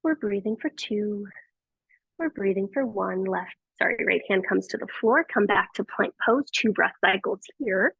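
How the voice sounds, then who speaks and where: A woman teaching a yoga class, giving gentle and encouraging cues with frequent praise, on tinny phone-like audio. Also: mid-range voice, normal speed, vocal fry, slightly rough, no room sound. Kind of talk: guiding a live yoga class.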